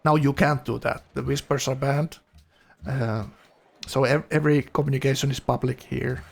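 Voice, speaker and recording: Man, gravelly commentary voice. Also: medium pitch, steady tone, moderate pace. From Finland. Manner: chatty, laughs often, many fillers. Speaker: game commentator. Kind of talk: casual game commentary.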